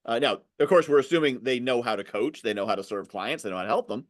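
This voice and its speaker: A man hosting a podcast interview, chatting casually and acting out pushy sales pitches in exaggerated voices. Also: fast. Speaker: podcast host.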